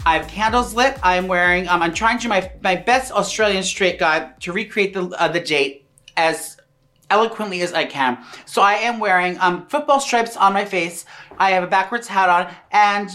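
A man's voice: sits high, normal speed, sharp tone. A man hosting a comedic cooking chat, camp, playful and profane. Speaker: host.

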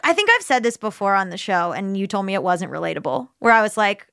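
Bright, smooth-voiced young woman co-host. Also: mid-range voice, fast, no echo, studio quality. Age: young adult. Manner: animated storytelling that breaks into laughter. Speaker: podcast co-host. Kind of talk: casual chat.

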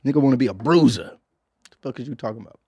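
A man's voice: mid-range voice, racing, dark tone, slight background noise. A man hosting a comedy podcast in a loose, profane, laid-back way, ending most phrases with "man" and reading out listener messages. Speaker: podcast host. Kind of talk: casual comedic podcast chat.

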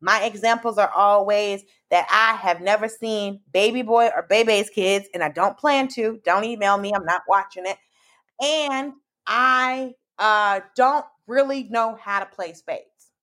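A woman's voice: medium pitch, unhurried, a bit bright. A woman comedian chatting as a guest, playful and acting out her reactions as she talks. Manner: playful, acts out her reactions with lots of "like" and "girl". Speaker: comedian and podcast host, guest. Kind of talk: animated casual conversation.

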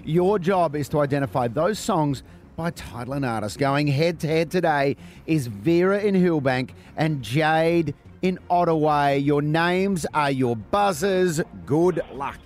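A man's voice: a little high, lively intonation, measured pace. A man hosting breakfast radio, joking around and running a music quiz. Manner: upbeat, jokey, hosts a quiz.

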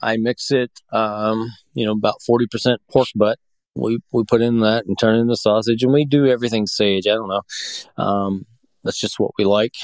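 A man's voice: lowish voice, fairly even intonation, moderate pace, a little mellow, no room sound. A man from the Pacific Northwest chatting casually as a podcast guest, rambling with lots of fillers and restarts. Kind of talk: casual chat.

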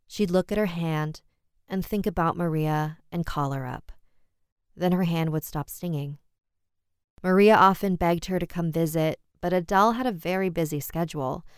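Low, smooth-voiced woman narrating horror. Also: darkish tone, dry recording, clean studio sound.

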